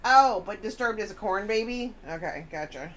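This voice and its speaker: A woman's voice: mid-range voice, animated, normal speed, fairly bright tone, a little hiss or hum. A woman chatting casually on a live stream, rambling and reading chat messages aloud.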